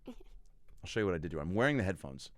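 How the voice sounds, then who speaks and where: With a low pitch and a racing delivery, this podcast host, a man in his thirties, spins stories in easygoing conversation and performs the characters' voices with animation. There's no room sound.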